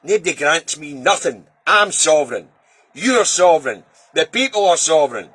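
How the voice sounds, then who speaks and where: A Scottish man, a political video commentator, launches into an angry, sweary monologue, his fairly high voice swooping up and down with every jab. His tone is bright and edgy yet husky at the edges, and he's very animated at a normal speed. The recording is close and dry.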